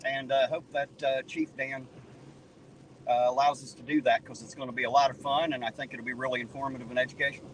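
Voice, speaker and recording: A man's voice: mid-range voice, flat delivery, fast, rough recording. Man, southern Ohio twang, folksy, profane, chatty, in a car, faint road noise. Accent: Southern Ohio, close to Kentucky and West Virginia. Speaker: livestreaming auditor. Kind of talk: casual live-stream chat while driving. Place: in a car at night.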